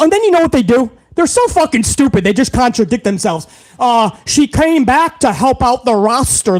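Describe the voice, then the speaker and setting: A man hosting a wrestling show, ranting to his chat in a heated, mocking way and swearing constantly. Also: extremely high pitch. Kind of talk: profane rant to a live chat.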